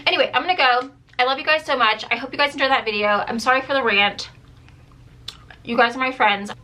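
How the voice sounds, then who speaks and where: Bright, chatty young mom vlogger. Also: female voice, high voice, quick pace. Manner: chatty, rambling, says "like" and "dude" a lot. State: dry throat. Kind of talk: casual chat to camera.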